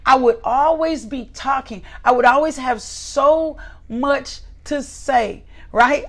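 Woman preacher, sermon delivery, gravelly fry, slightly high pitch, emphatic repetition. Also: slow. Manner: emphatic, repeats key phrases, asks "right?" often.

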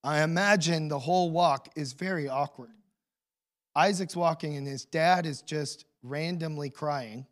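Man, pastor, sermon, high voice, dramatic storytelling, hushed then loud. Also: measured pace. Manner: storytelling, swinging between hushed and loud emotional delivery.

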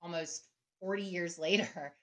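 A middle-aged woman appears as a guest on a podcast, talking in a reflective, conversational interview and regularly checking in with "right?" and "you know." Her voice is lowish and fairly bright, with a steady tone and a slightly slow pace.

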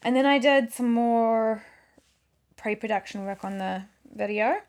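A woman's voice: fairly high pitch, a little slow, darkish tone. A woman, rambling and correcting herself in casual chat about her video work. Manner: chatty, rambling, self-correcting. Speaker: video maker.

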